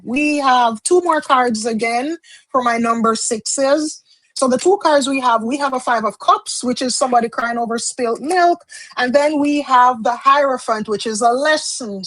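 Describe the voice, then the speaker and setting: A woman's voice: on the high side, fairly bright tone, dry recording, rough recording. A woman from Jamaica giving a chatty live-streamed tarot reading, explaining as she goes and often repeating and restarting her phrases. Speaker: tarot card reader.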